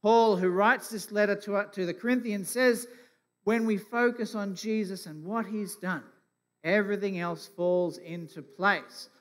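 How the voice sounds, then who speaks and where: A man giving the children's talk at a church service, asking simple, gentle questions. His voice rings out with the long reverb of a church hall. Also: high-pitched, fairly even intonation, unhurried. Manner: gentle questioning, plays along with puppet. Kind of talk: kids' talk from the stage.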